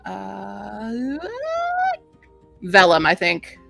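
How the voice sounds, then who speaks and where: A woman's voice: mid-range voice, very slow, vocal fry, sharp tone, faint music behind. Chatty woman reviewing books. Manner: chatty, laughs often, reads aloud. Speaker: book reviewer host. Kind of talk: casual chat.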